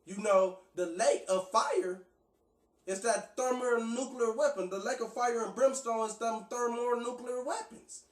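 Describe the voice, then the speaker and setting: High-pitched guy preaching, lots of restarts, echoey and far from the mic. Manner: loose, conversational preaching with many restarts and fillers. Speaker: street preacher. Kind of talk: preaching and reading scripture.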